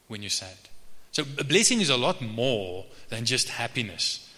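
A male pastor preaching a sermon in a conversational way, with frequent restarts, and reading scripture slowly. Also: medium pitch, big pitch swings, sharp tone. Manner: slow measured reading of scripture. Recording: reverberant hall.

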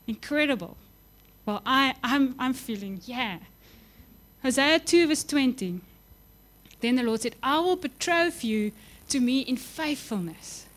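A young adult woman preaching a sermon, impassioned, building to emphatic peaks and then dropping to soft, quiet lines. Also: high-pitched, expressive, unhurried.

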